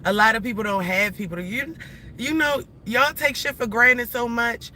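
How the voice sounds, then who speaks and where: A woman in her forties livestreams to viewers from in or near a vehicle in traffic, talking casually. Her speech is blunt, emphatic, slangy, and rambling, full of restarts. Her voice is on the high side with a sharp tone and moderate pace, and there's a little hiss or hum.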